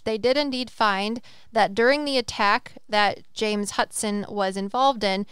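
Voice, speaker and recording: A woman hosting a podcast, excitedly retelling a story in a rambling, casual way. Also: medium pitch, smooth, no room sound, clean studio sound. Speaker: podcast host. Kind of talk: casual chat.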